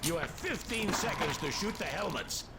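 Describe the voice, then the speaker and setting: An actor playing a stern Soviet drill instructor who barks orders at new recruits in a war game. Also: male voice, sits high, animated, moderate pace, gravelly, heavy background noise. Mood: commanding. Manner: barking orders, commanding. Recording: game audio over loud gunfire. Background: gunfire and shots.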